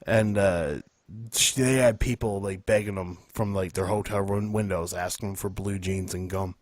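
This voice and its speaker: A man's voice: low voice, steady tone, normal speed, no echo. A man co-hosting a wrestling podcast in a laid-back, dry, profane way. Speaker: podcast co-host. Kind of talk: casual wrestling chat.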